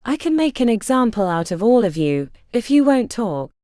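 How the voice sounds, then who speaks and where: A woman's voice: on the high side, sing-song, moderate pace, warm tone, dry recording, clean studio sound. A woman reading the part of an arrogant male hospital doctor who speaks with contempt and threats. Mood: contemptuous.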